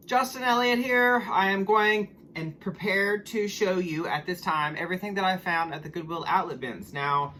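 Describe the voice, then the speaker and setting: A chatty middle-aged man with a drawl talks to his vlog viewers, wandering from point to point with ums and asides. His voice sits a little high for a man, and there is a faint hum behind him. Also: pushed and bright. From Oklahoma, USA. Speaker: estate liquidator and reseller. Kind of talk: casual vlog talk to camera.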